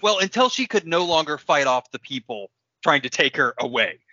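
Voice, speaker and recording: A man co-hosting a casual comedic chat, with animated, laughing banter. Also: a little high, moderate pace, no echo, lo-fi sound.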